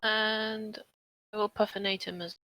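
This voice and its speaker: A woman's voice: mid-range voice, level tone, unhurried, sharp tone, no echo. A woman playing a tabletop game over an online voice call, speaking hesitantly and using playful made-up words. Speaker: player. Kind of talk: casual tabletop play.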